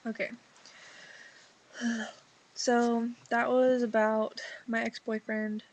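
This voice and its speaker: Sick teen girl rambling about stuff, kinda high but really flat voice. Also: slow, long pauses, slight background noise, rough recording. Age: teens. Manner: rambling, filler-heavy teen talk. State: sick, voice lower than usual. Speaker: vlogger. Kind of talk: reading a journal entry, then casual confessional chat.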